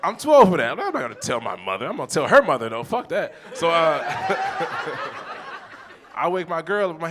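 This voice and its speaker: Animated, profane man in his forties. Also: a little high, normal speed, a crowd in the background. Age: 40s. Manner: animated, profane, acts out scenes in quoted voices. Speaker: stand-up comedian. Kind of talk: live stand-up storytelling. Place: comedy theater stage.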